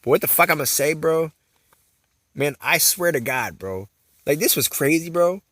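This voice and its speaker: Brief: young male vlogger, rambling and profane, slang on every line, a bit high, close dry mic. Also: lively intonation, normal speed, fairly bright tone, dry recording. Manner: rambling, profane, filler-heavy slang, says "bro" constantly. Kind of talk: rambling storytelling vlog.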